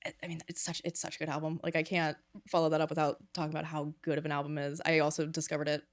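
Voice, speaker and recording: A woman's voice: low-pitched, completely flat delivery, very fast, no echo. A woman hosting a music podcast, chatting casually and agreeably with her guest. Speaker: podcast host. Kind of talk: casual interview chat.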